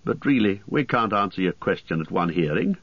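A man voicing a teasing, amused male elf who banters quickly, recorded dry and slightly muffled. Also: on the low side, lively intonation, husky, no room sound.

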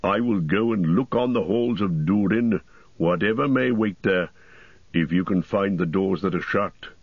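A man's voice: low-pitched, a little slow, husky, no room sound, muffled recording, exaggerated voice. A man voicing an eager, stubborn male dwarf warrior who speaks firmly and earnestly. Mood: determined.

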